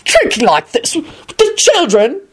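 A woman's voice: sits high, huge pitch swings, measured pace, voice pushed up, exaggerated voice. A woman voicing a blustering, proper old grandfather who bellows.

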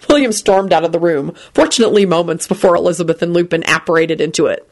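A woman narrating a storybook reading in an expressive way. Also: lowish voice, quick pace, few pauses.

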